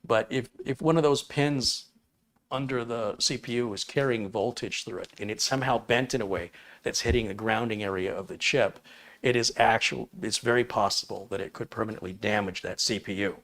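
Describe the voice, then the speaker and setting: A man's voice: fairly low pitch, fairly quick, fairly bright tone. A man hosting a live tech stream, answering viewer questions in a folksy, chatty way with small chuckles. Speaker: tech livestream host.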